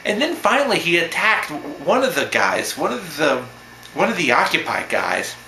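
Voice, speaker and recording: A man vlogger tells a story in a loose, rambling way, circling back with repeats and restarts while sounding amused. His voice rises and falls animatedly and has a bright edge. The sound is echoey, with a faint ambient hiss underneath. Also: on the high side, huge pitch swings, normal speed. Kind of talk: casual storytelling.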